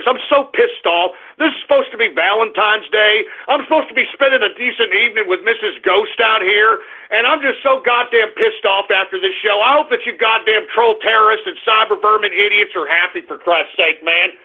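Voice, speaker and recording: A man voicing a furious, squeaky-voiced radio host who shouts and curses at his audience in an exasperated rant. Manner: shouting, cursing, exasperated ranting. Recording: tinny phone-line radio stream.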